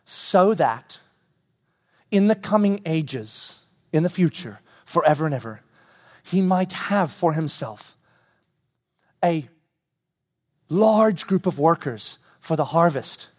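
Animated preacher in a reverberant hall. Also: male voice, a little high, takes it slowly, pauses often. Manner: animated preaching, voices God and himself, shouts at peaks. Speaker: pastor. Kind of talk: sermon.

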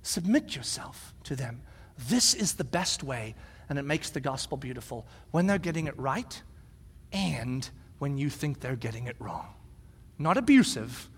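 A man in his forties, a pastor, preaching a sermon with animated storytelling. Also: mid-range voice, moderate pace, slightly rough. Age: 40s. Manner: animated storytelling, acts out shouted quotes. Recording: long hall reverb.

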